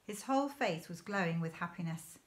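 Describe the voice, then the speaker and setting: A woman teacher reading a children's novel aloud in a clear, measured storytelling manner. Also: fairly low pitch, expressive. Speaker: primary school teacher.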